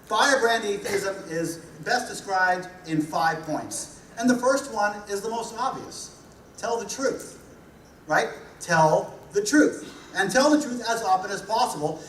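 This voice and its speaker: A man's voice: sits high, lively intonation, measured pace, fairly bright tone, slight background noise. A man with a New Jersey accent giving a humorous conference talk, blunt and punchy, driving points home with repetition. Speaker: conference speaker. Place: large hall. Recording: echoey hall recorded from a distance.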